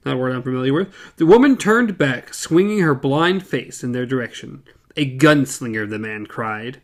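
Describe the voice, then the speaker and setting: Wry, lively male podcast co-host. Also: mid-range voice, normal speed. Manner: wry, joking, lively delivery. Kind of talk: casual book discussion and reading aloud.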